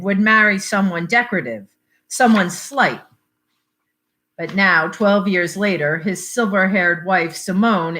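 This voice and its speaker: A woman reading a literary short story aloud in a measured, expressive way. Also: mid-range voice. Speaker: library reader.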